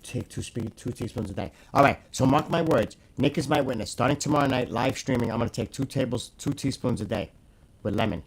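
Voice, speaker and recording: Gravelly man chatting on a live stream. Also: mid-range voice, brisk, slight background noise, low-quality recording. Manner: excitable, blunt, swears freely. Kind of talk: casual live-stream chat.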